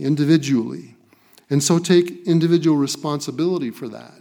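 A man's voice: a little high, a little mellow. A man preaching a sermon, reading scripture and stressing key phrases by repeating them. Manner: emphatic, repeats key phrases, occasional restarts.

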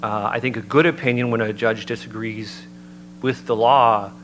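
Man, mid-low voice, earnest measured preaching delivery, recording carries a steady hum. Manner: measured, earnest, citing scripture. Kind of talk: sermon-style talk. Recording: noticeable background hum.

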